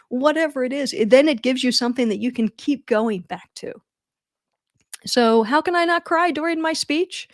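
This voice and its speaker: A middle-aged woman hosting a live advice Q&A on wedding speeches, chatty and animated, with self-deprecating jokes. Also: sits high, normal speed, dry recording, clean studio sound. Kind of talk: casual livestream advice.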